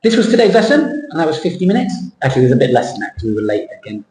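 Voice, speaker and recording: A man teaching a casual lesson, explaining by example and slipping into Thai. His voice sits a little high and he talks very fast. The room is echoey, with faint noise behind him. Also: very animated, a little mellow. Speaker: English teacher.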